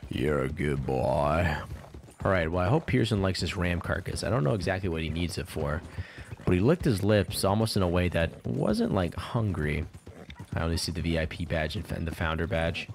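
Low-voiced guy rambling thru a game stream, swears a ton, laughs a lot. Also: lively intonation, fairly quick, vocal fry, a little hiss or hum. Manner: rambling, profane, laughs often. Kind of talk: casual gameplay commentary.

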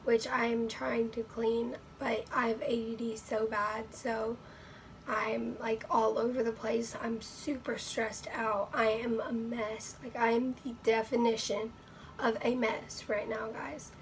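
A woman vlogs from her bedroom in a hoarse, nearly gone voice that sits a little high. She rambles with lots of fillers and keeps slipping into breathy whispers. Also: flat delivery, takes it slowly, a little hiss or hum, poor audio. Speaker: vlogger. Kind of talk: casual talk to camera.

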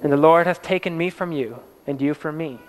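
A man's voice: fairly high pitch, fairly quick, a little hiss or hum, close to an everyday voice. A man voicing a devout, steadfast pastor who speaks solemn, fervent words of faith. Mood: solemn farewell. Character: devout, steadfast male pastor facing death.

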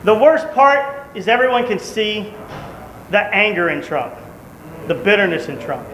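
Male preacher, bright high voice, echoey church sound. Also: a little slow. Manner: animated storytelling, shouting in acted quotes. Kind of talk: sermon. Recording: echoey church hall, faint room noise.

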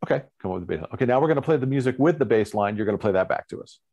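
A man who is a guest musician, telling an animated story in a casual interview and acting out other people's lines. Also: mid-range voice, very fast.

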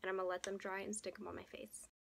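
A young woman with a hoarse voice, chatting casually as a beauty vlogger through a makeup tutorial and often dropping into soft half-whispered asides. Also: mid-range voice, level tone, rapid-fire, rough recording. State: hoarse, losing her voice.

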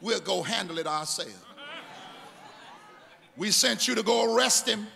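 A man's voice: high-pitched, animated, measured pace, gravelly, pushed and bright, big-room sound, heavily acted. A man playing a group of scornful male Pharisees, brushing off the matter in an offhand way as part of his sermon. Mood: dismissive.

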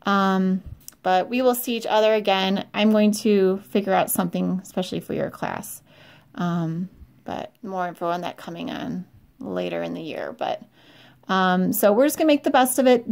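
A woman's voice: mid-range voice, steady tone, moderate pace, creaky, darkish tone. A middle-aged woman teaching French in a recorded remote lesson, explaining in a friendly way with fillers and check-ins.

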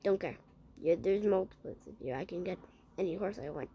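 A woman playing a game and chatting to viewers, excitable and talking to herself, often dropping to a hushed whisper. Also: on the low side, brisk, dull audio, a little hiss or hum. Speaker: gaming vlogger.

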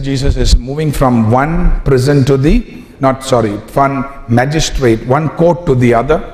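Animated preacher in an echoey hall. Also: male voice, on the high side. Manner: dramatic storytelling, acting out dialogue. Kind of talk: sermon. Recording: echoey hall with faint noise.

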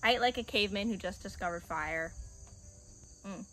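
A woman's voice: medium pitch, moderate pace, a bit bright, slight background noise. A young woman chatting casually in a crafting vlog, bubbly and gushing, sometimes counting stitches under her breath. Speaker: crafting vlogger.

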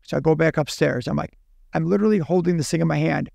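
Gravelly man telling a lively story. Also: a little high, no room sound, clean studio sound. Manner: animated, acts out dialogue in quick bursts. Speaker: podcast guest. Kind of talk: casual storytelling.

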